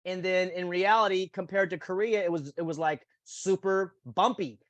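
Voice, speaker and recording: Animated high-voiced man hosting a chat. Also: normal speed, dry recording, highs cut off. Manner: animated, acts out quotes in goofy voices. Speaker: host. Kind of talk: casual podcast chat.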